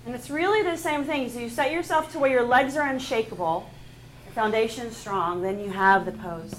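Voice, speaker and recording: A woman teaching a live yoga class, giving calm pose and breath cues with playful laughs. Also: a little high, moderate pace, slight background noise. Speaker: yoga instructor. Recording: echoey room.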